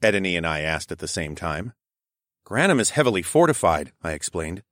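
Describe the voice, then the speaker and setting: A man narrating a first-person story in a calm, steady reading voice. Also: low-pitched, a little fast, no room sound, studio quality. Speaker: audiobook narrator.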